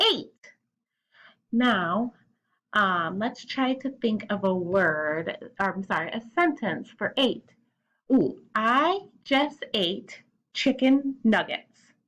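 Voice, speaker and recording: A woman teaching young children sight words, sounding out letters clearly and cheering them on. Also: medium pitch, a bit bright, poor audio. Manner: encouraging, cheerful. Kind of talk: early reading lesson for young children.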